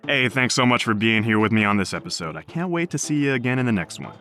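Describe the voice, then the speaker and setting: A man hosting a podcast, reading stories aloud in an animated storytelling manner. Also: medium pitch, quick pace, faint music behind. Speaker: podcast host.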